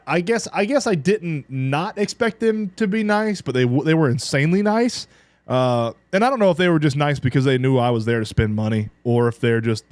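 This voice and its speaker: A man co-hosting a podcast, chatting casually and chiming in with quick agreements. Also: medium pitch, darkish tone, no echo. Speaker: podcast co-host. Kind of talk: casual chat.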